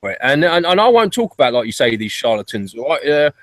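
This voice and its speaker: A man's voice: mid-range voice, big pitch swings, brisk, fairly bright tone, dry recording. A man hosting a casual group chat, talking in a reflective, rambling way with hesitant restarts. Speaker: channel host.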